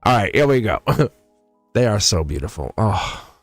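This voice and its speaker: A man's voice: lowish voice, sing-song, measured pace, no room sound, soft background music. A man giving a casual live-stream tarot reading. He rambles, laughs often, and chats directly with his viewers. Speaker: tarot reader.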